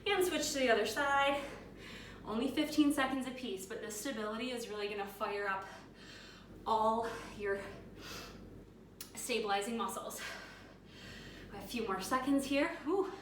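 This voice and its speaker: A woman's voice: on the high side, normal speed, pauses often. Woman fitness coach huffing thru a workout, counting down, kinda far from the mic, noisy background. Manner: energetic, counting down and cueing moves while exercising. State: out of breath. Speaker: fitness instructor. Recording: echoey room, mic at a distance.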